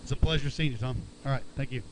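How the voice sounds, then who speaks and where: At an outdoor fishing weigh-in, a man with a mid-range voice emcees at a racing pace, calling out weights and bantering live with each angler. He's upbeat and chummy, calling them "bud." The recording is low quality, with a little hiss or hum.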